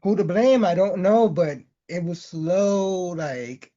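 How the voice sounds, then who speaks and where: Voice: mid-range voice, slow, mellow, muffled recording. A podcast co-host in casual chat, hesitant and stammering, often laughing.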